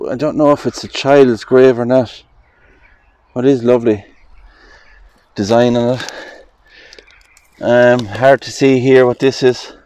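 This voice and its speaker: Walking among the graves outdoors, an Irish cemetery vlogger reads old headstone inscriptions aloud at a slow, musing pace and reflects on them in relaxed commentary. His man's voice is medium in pitch and a little mellow.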